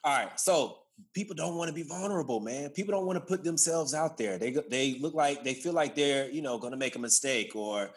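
A man's voice: fairly high pitch, lively intonation, brisk, hardly any pauses, husky. Laid-back man telling a story on a podcast. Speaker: podcast co-host. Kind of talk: casual chat.

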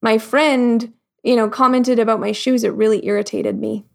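Slightly high, gravelly woman guest. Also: normal speed. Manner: reflective, acts out quoted thoughts in lively voices; frequent "like" fillers. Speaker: podcast guest. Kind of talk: casual interview chat.

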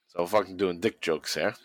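A man's voice: deep voice, rough recording. A man hosting a casual podcast chat, telling a story with lots of swearing and laughter. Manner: mimics people he quotes. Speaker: podcast host. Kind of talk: casual chat recapping wrestling.

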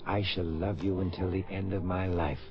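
A man's voice: sits low, moderate pace, close to an everyday voice. A man playing a devoted, anxious lover in earnest 1950s radio drama style. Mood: tender. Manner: earnest, lively, pleading delivery. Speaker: actor. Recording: dull vintage radio recording with faint noise.

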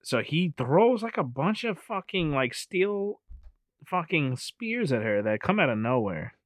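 A man's voice: on the high side, sing-song, measured pace, dry recording. A man in casual, profane chat, rambling through a movie recap and laughing often. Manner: rambling, laughs often, keeps saying anyway.

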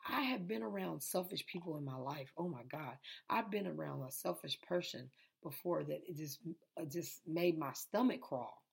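A woman's voice: low-pitched, moderate pace, creaky, breathy edge. A tired woman, preaching an informal lesson, repetitive and conversational. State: tired and sleepy. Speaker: preacher hosting an online Bible lesson. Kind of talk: informal sermon.

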